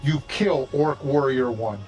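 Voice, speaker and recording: A man's voice: mid-range voice, slow, a little mellow, soft background music, poor audio. A man narrating and running a tabletop game as game master, talking casually with many restarts.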